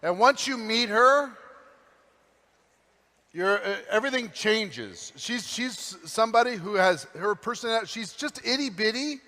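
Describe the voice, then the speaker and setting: A man's voice: high voice, expressive, measured pace, pushed and bright. A man enthusiastically introducing a speaker to a conference crowd. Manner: enthusiastic, effusive. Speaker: event emcee. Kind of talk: stage introduction. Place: large convention hall. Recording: echoey hall reverb.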